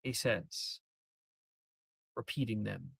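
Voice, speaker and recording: A man narrating a tabletop game as game master, slow and hushed. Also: fairly low pitch, gravelly, slightly rough, dry recording, studio quality.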